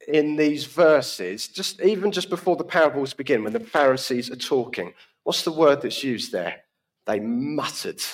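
A man giving a conversational sermon in a church service, often asking the congregation questions. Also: mid-range voice. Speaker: preacher.

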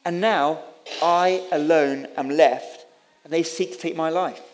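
Elijah, as a preacher voices him, weary and self-pitying. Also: male voice, on the high side, steady tone, unhurried, pitched below the performer's own voice, close to an everyday voice. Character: weary, frightened old prophet Elijah, male.

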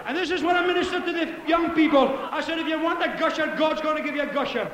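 A man preaching a fervent Pentecostal sermon, telling stories and shouting hallelujahs. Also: very high voice, quick pace, reverberant, long reverb tail, over a noisy crowd, heavy background noise. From Scotland.

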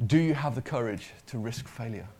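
A man's voice: mid-range voice, animated, a little fast, darkish tone. Man preaching a conversational sermon. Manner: conversational, repeats words, asks the congregation questions.

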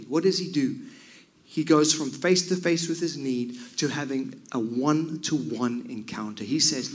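Passionate preacher, slightly high voice. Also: male voice, unhurried. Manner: passionate, rises to loud cries and drops to near whispers. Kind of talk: sermon.

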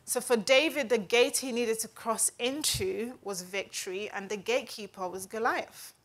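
Give me a woman with a somewhat high voice giving an earnest, conversational devotional teaching. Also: normal speed, few pauses, fairly bright tone. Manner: earnest, chatty, often asks "right?". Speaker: speaker giving a Bible teaching.

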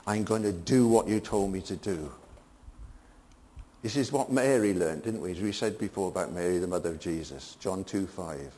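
Older guy preaching, warm low voice, long hall echo, gets loud then drops to a mutter. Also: normal speed. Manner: animated, rising to emphatic peaks and dropping to quiet asides. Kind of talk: sermon.

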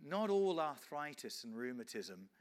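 A man's voice: mid-range voice, very animated, a little slow. A man, an evangelist telling a story in a sermon, acting out scenes with frequent restarts. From England.

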